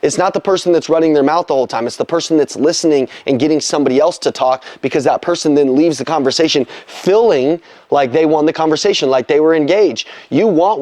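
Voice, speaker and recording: A man's voice: fairly high pitch, a little mellow, dry recording. Blunt, pushy man coaching sales. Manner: blunt, pushy, slangy and emphatic. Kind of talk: motivational talk.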